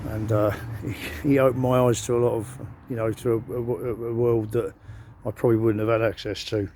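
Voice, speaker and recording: A man's voice: medium pitch, little pitch movement, moderate pace, dark tone, a little hiss or hum. A middle-aged man, talking to his phone camera in a casual, rambling monologue full of hesitations and self-mocking humor. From England. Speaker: vlogger.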